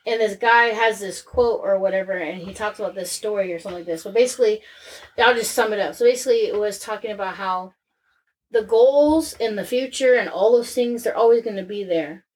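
A woman's voice: medium pitch, brisk. A woman in her thirties chatting openly and casually. Her talk wanders through restarts and frequent swearing, with a plain everyday voice. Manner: candid, rambling, frequent swearing. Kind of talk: casual chat.

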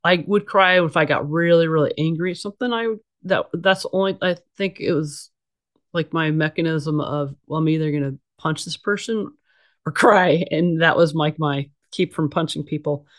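A middle-aged woman, interviewed as a guest, tells stories candidly in a blunt, casual manner with frequent fillers and restarts. Her voice sits low, and she speaks at normal speed.

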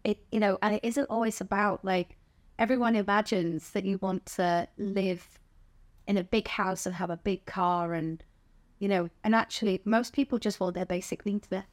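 A woman's voice: mid-range voice, steady tone, moderate pace. A middle-aged woman with a southern English accent, a stand-up comedian talking frankly as a podcast guest, swearing casually and laughing often. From England. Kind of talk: candid conversational interview.

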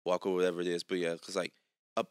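Laid-back young man with a low voice. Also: little pitch movement, very fast, clear, resonant tone, no room sound. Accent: Louisiana. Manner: laid-back, joking, lots of fillers. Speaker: podcast host. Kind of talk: casual chat.

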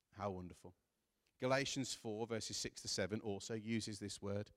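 Male preacher, earnest sermon delivery, low-ish voice, echoing church hall. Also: fairly even intonation, normal speed. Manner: earnest, rising to impassioned emphasis while reading scripture. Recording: long hall reverb.

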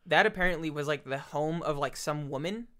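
A man talking casually in a chatty, rambling way, full of fillers and quick laughs. His voice sits a little high for a man. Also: pushed and bright. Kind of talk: casual chat.

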